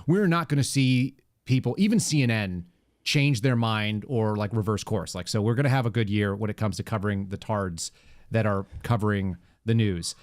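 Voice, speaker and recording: A man hosting a casual political podcast, talking in a sarcastic, rambling way with quick asides. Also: fairly low pitch, no room sound, studio quality. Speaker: podcast host.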